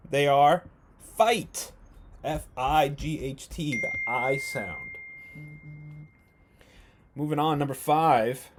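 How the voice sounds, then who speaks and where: Teaching a first grade phonics lesson remotely from his home, a man with a mid-range voice speaks slowly and clearly. He sounds out letters and asks playful either-or questions.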